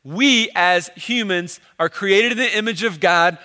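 Man, young adult, pastor, conversational joking sermon, high voice, long hall reverb. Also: a little slow, bright, forceful tone. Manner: casual, joking, conversational preaching.

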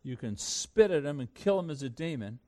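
Man, pastor, sermon, expressive, fairly high voice, emphatic then hushed. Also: moderate pace. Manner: swings from loud emphatic peaks to hushed low asides.

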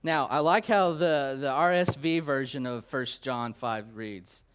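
A man preaching a sermon, swinging between loud emphatic declarations and low quiet asides, with repetition and stammered restarts. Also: smooth. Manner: slow, deliberate delivery with repetition and stammered restarts.

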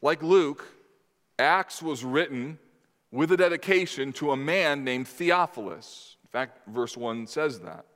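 A man's voice: medium pitch, lively intonation, fairly bright tone. Man preaching in a reverberant hall. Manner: measured, emphatic, addresses the congregation with questions. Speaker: pastor. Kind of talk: sermon. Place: church sanctuary. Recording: long reverb in a large hall.

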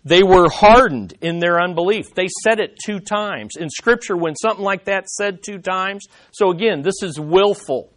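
A man's voice: high-pitched, normal speed, few pauses, a bit bright. A man teaching a Bible study, emphatic, asking rhetorical questions and answering them himself.

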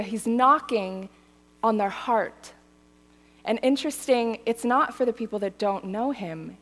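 A woman in her thirties giving a sermon, telling a story with lively, animated delivery. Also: a little high. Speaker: church speaker. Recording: hall reverb.

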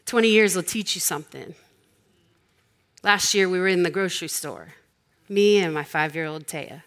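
A woman's voice: lowish voice, moderate pace. A woman in her forties preaching a sermon, telling stories in a conversational, humorous way.

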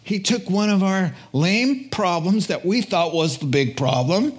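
A pastor preaching a sermon in an animated, emphatic, conversational way in a church. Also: male voice, sits high, measured pace.

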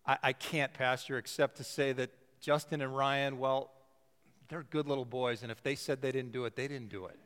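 A man's voice: mid-range voice, steady tone, normal speed, smooth, big-room sound, voice pushed down, lightly acted. A man voicing a meek, hesitant male Sunday school teacher in a sermon story. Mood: sheepish. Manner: hesitant, soft-spoken.

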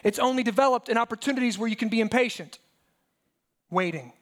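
A man's voice: extremely high pitch, fast. A pastor in his thirties preaching a sermon, telling stories animatedly and firing rhetorical questions at the congregation.

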